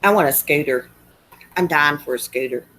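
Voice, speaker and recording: A woman's voice: sits low, normal speed, fairly bright tone. A woman with a Southern US accent, hosting a livestream in casual chat and answering comments in a chatty, countrified drawl. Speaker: livestream host.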